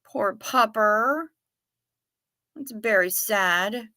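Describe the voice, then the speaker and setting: A woman's voice: fairly high pitch, drawn-out words, pushed and bright. A woman hosting a casual livestream, reading viewers' comments aloud and chatting back to them in a friendly, apologetic way. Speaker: livestream host reading chat.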